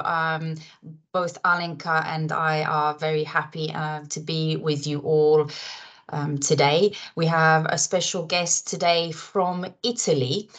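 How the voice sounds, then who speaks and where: A woman from Croatia co-hosts an online webinar, speaking in a deep, low voice. She sounds friendly and laughs often, filling her pauses with "um". It comes through a video call mic. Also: a bit bright. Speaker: webinar co-host. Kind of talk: webinar hosting.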